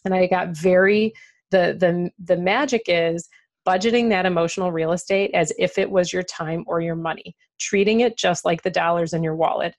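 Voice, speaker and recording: A woman who is an author and entrepreneur talks candidly in an interview, laughing often and leaning on plenty of fillers. Her voice is fairly low in pitch, steady in tone, and delivered at normal speed.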